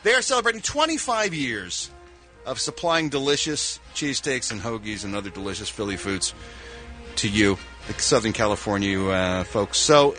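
Bright-voiced man doing a radio live read. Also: fairly high pitch. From Philadelphia. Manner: playful, hams up a Philly accent for laughs. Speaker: radio show regular, showbiz reporter. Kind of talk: radio morning show banter and live read.

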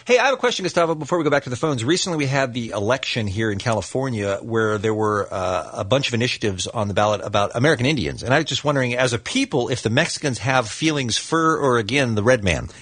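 Husky fast-talking radio host. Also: male voice, medium pitch, lively intonation, a bit bright, no room sound. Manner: brisk, teasing. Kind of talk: morning radio talk.

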